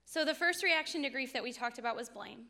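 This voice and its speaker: A woman's voice: high voice, fast, sharp tone, long reverb tail. A woman in her twenties giving a sermon, telling a personal story in an earnest, confessional way. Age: 20s. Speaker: speaker at a faith talk.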